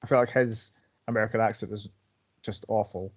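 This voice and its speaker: A man's voice: fairly low pitch, steady tone, fairly quick. A man co-hosting a casual podcast, laid-back and blunt, swearing casually. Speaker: podcast co-host. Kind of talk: casual chat. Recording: slightly dull audio.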